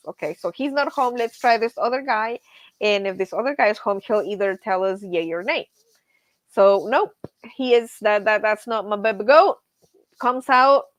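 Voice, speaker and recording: A woman hosting a casual live stream, telling stories in an animated way and laughing often. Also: mid-range voice, dry recording. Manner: animated storyteller, says y'all, laughs often. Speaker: livestream host.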